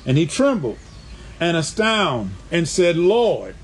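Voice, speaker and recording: High-voiced preacher punctuating with "amen". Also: male voice, lively intonation, a little slow, a little mellow. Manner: punctuates phrases with frequent "amen", calls on the congregation; repeats and restates points for emphasis. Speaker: pastor. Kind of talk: sermon with scripture reading. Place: church.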